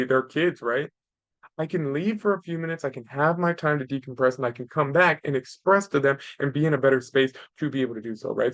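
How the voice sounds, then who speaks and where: Earnest man with a high-set voice. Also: no echo, lo-fi sound. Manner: earnest, tags nearly every point with "right?". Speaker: podcast host. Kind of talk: casual advice talk.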